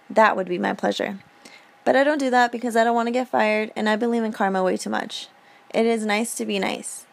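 Female vlog host, server, dry and sarcastic, gravelly fry in the voice. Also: medium pitch. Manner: sarcastic and blunt. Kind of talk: casual comedic monologue.

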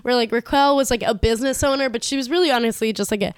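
A woman co-hosting a casual podcast chat, talking in a chatty, animated way and laughing easily. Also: fairly high pitch, racing, smooth, dry recording. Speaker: podcast co-host. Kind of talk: casual chat recapping a reality dating show.

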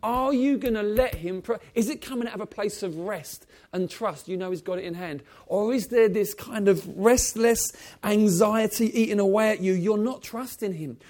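High-voiced preacher man, loud then hushed. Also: normal speed. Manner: swings from loud exclamation to soft intimate low tones; asks the congregation direct questions. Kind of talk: sermon.

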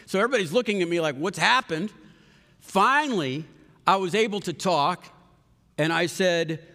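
A man preaching a sermon, telling a story with sudden loud rises and soft, hushed passages. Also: a little high, animated, normal speed. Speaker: pastor. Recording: long hall reverb.

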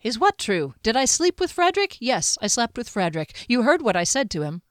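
A woman's voice: on the high side, big pitch swings, a little fast, dry recording, clean studio sound, pitched above the performer's own voice. A woman voicing blunt, spirited young warrior woman. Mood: defiant. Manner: blunt and exasperated.

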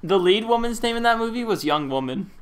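A man's voice: high voice, expressive, brisk. A young man co-hosting a casual podcast, teasing his friends and repeating words for fun. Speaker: podcast co-host. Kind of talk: casual chat.

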